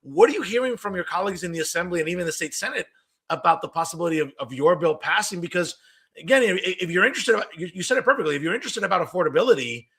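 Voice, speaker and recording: Fast-talking gravelly male political host. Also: sits high. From New Jersey. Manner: quick, animated, affirming with frequent yeahs. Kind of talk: political interview talk.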